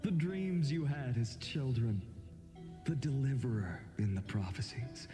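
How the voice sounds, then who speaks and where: A man performs a weary young warrior bound to an endless cycle of rebirth. His solemn, hushed lines come slowly and deliberately over loud game music. The voice sits at an ordinary middle pitch. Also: natural voice. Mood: sorrowful. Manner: solemn, hushed, resolute delivery. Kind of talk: video game voice acting.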